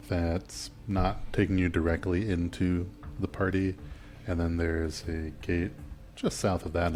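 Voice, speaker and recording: Man, game master, very low voice, unhurried, halting, faint music behind. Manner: relaxed, halting with fillers. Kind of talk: narrating a tabletop game.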